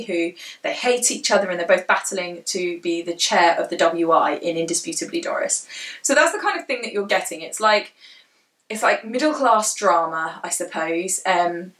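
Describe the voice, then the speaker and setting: This book vlogger and indie author, a young woman with a southern English accent, has a bright, forceful, medium-pitched voice and a moderate pace. She talks casually and loosely to camera with plenty of fillers, indoors at home while it rains outside; the room echoes and the mic is distant.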